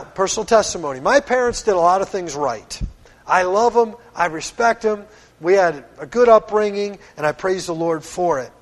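A middle-aged man from Pennsylvania preaching a sermon as pastor, earnest and firm in a conversational way. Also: high-pitched. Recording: long hall reverb.

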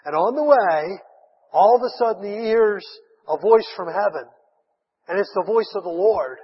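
High-voiced preacher in an echoing hall. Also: male voice, normal speed, husky. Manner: animated storytelling, acts out voices of Bible figures. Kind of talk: sermon. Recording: dull sound with long hall reverb.

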